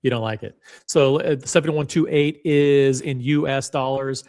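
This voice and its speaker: A man hosting a casual chat about watches, animated and quick to jump in with his own take. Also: mid-range voice. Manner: animated, talks over his guest, fond of restarts. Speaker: watch channel host.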